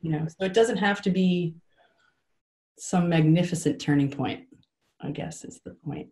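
A woman co-hosting a group session over a video call, chatting in an animated, rambling way with laughs and self-corrections. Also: fairly low pitch, measured pace. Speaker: co-host leading the session. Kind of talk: casual chat on a video call.

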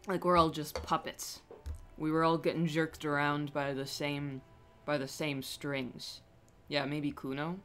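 Relaxed streamer voice, slow drawl, mid pitch, casual cursing and easy laughter, soft music underneath. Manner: laid-back, swears casually, laughs often. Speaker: game streamer. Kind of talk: casual live-stream chat while gaming.

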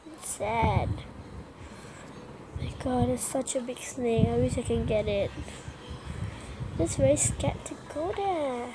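A high-pitched woman talks through her gameplay at an unhurried pace, nervous and quick to put herself down. Exclamations keep spilling out as she plays. A steady background noise sits under her voice. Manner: nervous, self-deprecating chatter with frequent exclamations. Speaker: gameplay vlogger. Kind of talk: casual game commentary.

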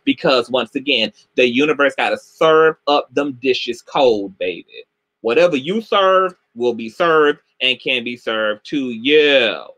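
A middle-aged man hosting a livestream commentary show, animated and sassy, swearing heavily and greeting viewers by name. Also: mid-range voice, unhurried.

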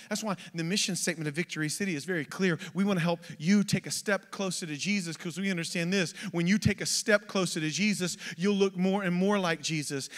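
A man preaching an energetic sermon, exhorting the congregation with rhetorical questions. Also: high voice. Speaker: pastor. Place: church sanctuary. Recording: long church hall reverb.

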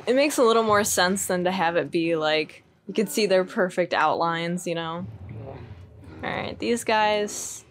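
A woman's voice: on the low side, unhurried, a little hiss or hum. A young woman giving casual, chatty let's-play commentary, giggling and poking fun at herself. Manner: chatty, giggly and self-deprecating. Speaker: gaming streamer.

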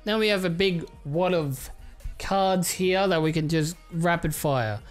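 A man giving casual, crude commentary while opening trading card packs, excitable and swearing often. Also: fairly high pitch, a little slow, soft background music. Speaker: YouTuber.

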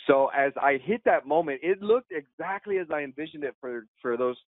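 A man's voice: fairly high pitch, brisk, no room sound. Slangy man on a tinny line. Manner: animated, slangy, peppers speech with "man", "dude", "bro". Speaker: actor and podcast guest. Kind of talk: casual podcast storytelling. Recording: tinny phone-like remote call line, dry.

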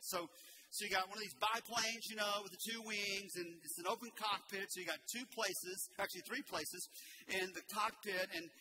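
An older man in his sixties preaches with a high, bright-toned voice, telling folksy stories. He swings between loud, emphatic lines and hushed asides. Steady background noise fills the church room. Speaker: pastor. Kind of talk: sermon. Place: church sanctuary.

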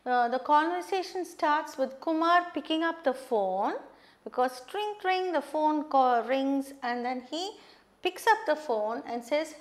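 A woman teacher giving a spoken lesson, explaining slowly and often checking in with "okay". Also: high-pitched, expressive. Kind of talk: spoken lesson on phone manners.

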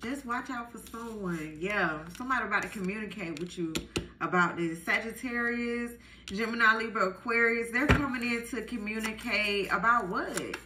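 A woman giving a casual tarot reading to viewers, chatty and animated, full of fillers. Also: on the high side, normal speed, roomy sound, background noise. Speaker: tarot reader.

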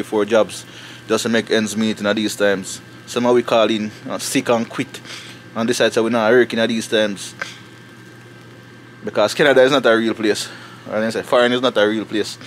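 A man with a Jamaican accent talking casually to camera for his family vlog outdoors in the snow, animated and preachy, slipping into patois. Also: fairly low pitch, a little hiss or hum. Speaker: family vlogger.

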